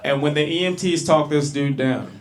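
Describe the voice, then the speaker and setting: A man's voice: a little high, moderate pace. A man from Long Beach, California doing a loose, profane stand-up set at an open mic, bantering with the crowd. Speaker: stand-up comedian. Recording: small club with faint noise.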